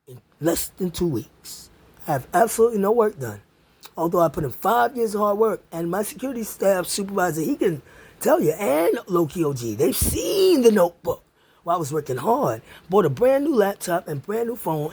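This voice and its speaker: A woman with a husky, breathy voice rants straight at the camera, swinging her pitch up and down as she taunts and curses someone. Her delivery is confrontational and profane. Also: sing-song, a little fast, darkish tone. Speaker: vlogger. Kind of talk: angry direct-to-camera rant.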